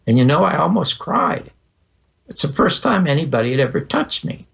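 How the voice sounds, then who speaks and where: A man's voice: a little high, animated, moderate pace, gravelly, a bit bright, slightly rough. A man in his eighties, a podcast guest telling vivid personal anecdotes and acting out the dialogue. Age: 80s. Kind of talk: storytelling interview. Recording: dull lo-fi audio.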